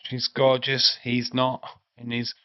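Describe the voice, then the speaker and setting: A man's voice: mid-range voice, monotone, slow, clean tone, no room sound, lo-fi sound. Chatty English man streaming a watch-along. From England. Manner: chatty, reads out chat, swears freely. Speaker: livestream host. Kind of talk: casual watch-along chat.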